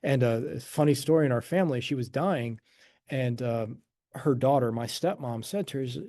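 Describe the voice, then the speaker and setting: A man's voice: medium pitch, moderate pace, warm tone, no echo, clean studio sound. A man leading an informal talk on a self-help method for an online audience, loose and conversational, with frequent asides and chuckles. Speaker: host and teacher of a letting-go method.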